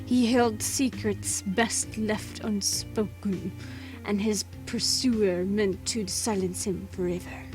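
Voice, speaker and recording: A woman voicing a male crime novelist reading his dark thriller aloud in a slow, hushed, dramatic way. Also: mid-range voice, steady tone, over music, close to an everyday voice. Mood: tense.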